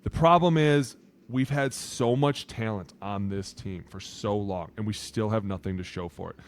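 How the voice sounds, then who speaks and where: A man co-hosting a sports podcast in casual talk. He is loud and profane and often acts out what other people say. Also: lowish voice, moderate pace. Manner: loud, profane, acts out quotes in put-on voices. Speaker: podcast co-host.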